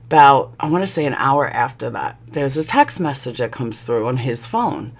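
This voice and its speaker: Low-voiced woman telling a heated storytime. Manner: heated, blunt, swears freely; quick rambling asides and restarts. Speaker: channel host. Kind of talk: storytime vlog.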